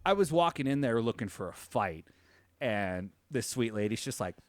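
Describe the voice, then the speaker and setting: A man co-hosting a podcast who tells a story in casual chat, swears freely and jumps into a high voice when he quotes people. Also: very animated, moderate pace, no room sound. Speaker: podcast co-host.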